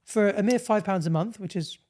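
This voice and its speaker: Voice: mid-range voice, a little fast, a little mellow. A co-host in casual podcast chat, chatty and opinionated, plugging the show.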